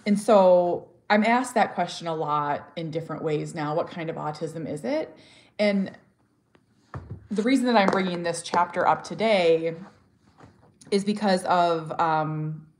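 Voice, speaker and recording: This mother and author, vlogging candidly about her life, has a fairly low, slightly mellow voice and takes her time. Heartfelt and earnest, she often restarts what she's saying and speaks frankly, occasionally with bluntness.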